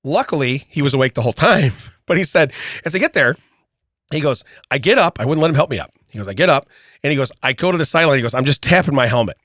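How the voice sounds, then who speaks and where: Lively middle-aged man telling a story. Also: a little high, fast talker, no room sound, clean studio sound. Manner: animated storyteller, repeats "okay?" and restarts. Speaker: podcast co-host. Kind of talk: casual chat.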